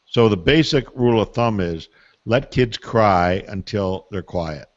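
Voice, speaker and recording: A man's voice: on the low side, lively intonation, a little slow, no room sound. Folksy older man giving parenting advice. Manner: folksy, storytelling, emphatic asides. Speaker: parenting expert answering listener questions. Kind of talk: call-in Q&A advice. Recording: dull, muffled call audio.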